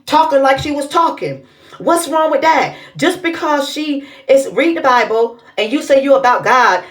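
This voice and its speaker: A woman delivers a reaction commentary. She talks in an indignant, emphatic, scolding way. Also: high-pitched. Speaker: commentary vlogger.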